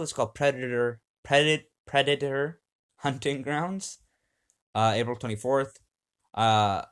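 A young man hosting a casual home podcast, upbeat and rambling, with many fillers, reading lists off a screen. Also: on the low side. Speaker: podcast host.

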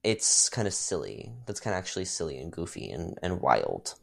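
Animated young man telling work stories. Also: normal speed, creaky. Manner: animated storytelling, jumps into high-pitched voices for quotes; laughs often. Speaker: podcast co-host. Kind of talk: casual chat.

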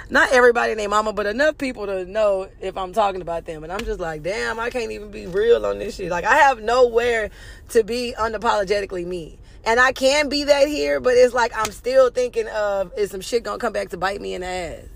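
A woman's voice: mid-range voice, vocal fry. A young woman from Houston hosts her podcast alone, speaking frankly and tumbling into rants. She swears freely and makes no effort to sound polished, as if simply chatting with her listeners. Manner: candid, profane and ranty. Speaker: podcast host. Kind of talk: casual solo podcast rant.

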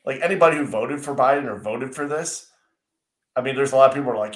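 A man's voice: medium pitch, fast. Man, political talk co-host, heated rant, swearing, restarts, echoey room. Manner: ranting, swearing, frequent restarts. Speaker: podcast co-host. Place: indoors, seated at a desk. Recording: roomy echoey sound.

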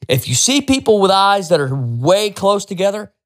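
Animated, swearing male podcast ranter. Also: sits high, normal speed. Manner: profane, exasperated, animated rant. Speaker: podcast host. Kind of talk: solo ranting podcast.

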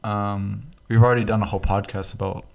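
A man's voice: on the low side, little pitch movement, brisk, gravelly. Laid-back, slangy young man. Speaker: podcast co-host. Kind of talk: casual chat. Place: small apartment, remote call.

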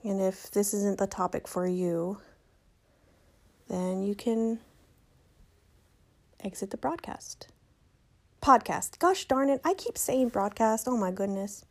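A woman's voice: medium pitch, unhurried. A young woman hosting a solo podcast, talking casually, joking and correcting herself as she goes. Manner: chatty, self-correcting, joking. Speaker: podcast host.

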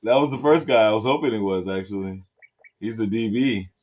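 A man's voice: lowish voice, brisk, a little mellow. A man recording himself watching a football game, venting with frequent swearing and laughter. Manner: profane, exasperated, laughs often. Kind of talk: casual live-watching banter.

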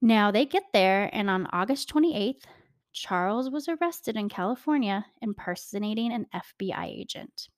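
Young woman, podcast host, casual true-crime chat, animated, laughs often, dry close sound. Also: mid-range voice, normal speed, no room sound. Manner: chatty, animated, laughs often, addresses listeners as "you guys".

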